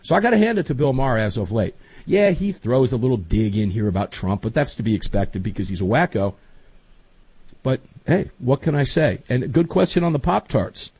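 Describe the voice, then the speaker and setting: A man's voice: mid-range voice, expressive, fairly quick, darkish tone, breathy edge, dry recording. A man hosting a talk show in casual chat, folksy, rambling and enthusiastic.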